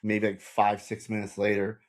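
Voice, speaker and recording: A man with a fairly low voice talks casually as a guest on a podcast. He tells his stories with animation and often repeats words as he goes. He speaks as a paranormal investigator among friends. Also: moderate pace. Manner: animated storyteller with many repeats.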